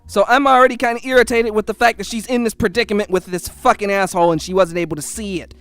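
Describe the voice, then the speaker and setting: A man's voice: high-pitched, fast, clear, resonant tone, no room sound, soft background music. A young man telling a personal story in a casual, heated and profane way. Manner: heated, profane, animated retelling.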